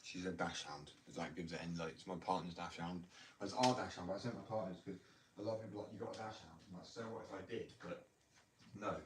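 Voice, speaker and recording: A man's voice: low-pitched, a bit bright. A man, a skateboarder, talking in a loose, rambling casual chat full of "like" and "you know", recorded at home. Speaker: skateboarder talking about skating. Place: indoors at home. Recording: distant mic with faint noise.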